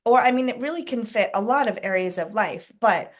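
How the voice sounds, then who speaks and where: A woman leading a casual sales coaching call, talking to a group, asking them questions and clearing her throat often. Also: a little high, expressive, fairly quick.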